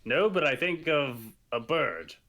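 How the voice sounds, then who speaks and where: A man's voice: on the high side, very animated, sharp tone. A man joking around as a player in a tabletop game. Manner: joking, drawn-out.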